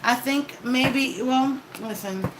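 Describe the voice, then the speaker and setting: A woman's voice: sits high, takes it slowly, noisy background. A woman giving a casual tarot reading, talking straight to the viewer with advice and frequent "okay?" check-ins. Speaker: tarot card reader.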